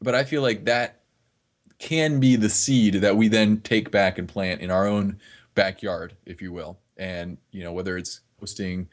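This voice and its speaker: A man's voice: fairly low pitch, fairly even intonation, a little slow. A man from northeast Florida, a fitness trainer talking earnestly as a podcast guest, often restarting his words. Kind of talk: casual podcast conversation.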